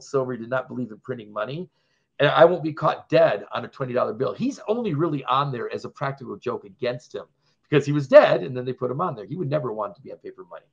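A man's voice: mid-range voice, creaky, breathy edge. A man co-hosting a podcast in casual chat, rambling from point to point and laughing often. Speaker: podcast co-host. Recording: dull lo-fi sound.

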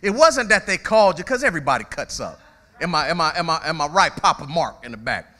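A man's voice: on the high side, fairly quick. A male pastor giving a conversational sermon, calling out to his congregation and often repeating words as he starts a phrase. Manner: animated, conversational preaching with call-outs to the congregation.

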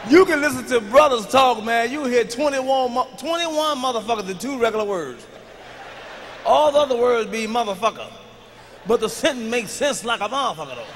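A man doing a live stand-up routine on a large stage into a handheld mic, brash and profane, dropping to mutters and rising to shouted punchlines. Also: very high-pitched, animated, moderate pace, big-room sound, slight background noise. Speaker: stand-up comedian.

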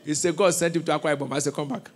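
A man with a Nigerian accent preaching a sermon in a church, with call-and-response questions, shouted bursts and laughing asides. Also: on the high side, fairly even intonation, rapid-fire, slight background noise. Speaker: pastor.

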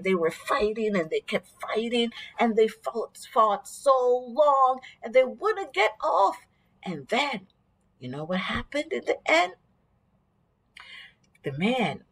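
A woman's voice: on the high side, fairly bright tone. A woman teaching at a vacation Bible school. She tells a Bible story to children expressively and keeps asking them questions.

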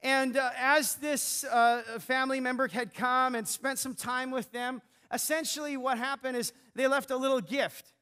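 Man, pastor, sermon in a church, very high voice, bright and forceful, hushed to shouting. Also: fairly even intonation, normal speed, few pauses, smooth. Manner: storytelling, swings from hushed to shouting.

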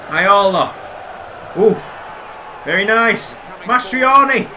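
High-pitched excitable gaming commentator, man. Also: takes it slowly, pauses often. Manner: excitable, swears and shouts at near misses. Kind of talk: casual gameplay commentary. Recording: crowd noise from game audio.

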